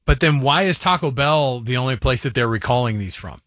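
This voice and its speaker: A man's voice: mid-range voice, expressive, a little fast, fairly bright tone, dry recording, studio quality. Joking middle-aged man co-host. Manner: joking, interjecting, playful teasing. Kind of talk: casual chat.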